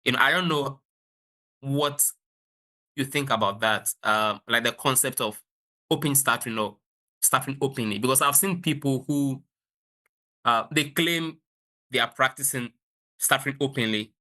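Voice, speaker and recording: A man's voice: mid-range voice, moderate pace, long pauses, sharp tone. A man who stutters with repeated sounds while thinking aloud, asking a question in an online Q&A. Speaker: audience member asking a question.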